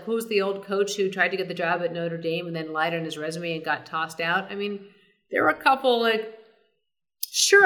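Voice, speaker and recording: A middle-aged woman, a sportscaster guest, telling stories in a casual interview, animated and full of fillers and restarts. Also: fairly low pitch.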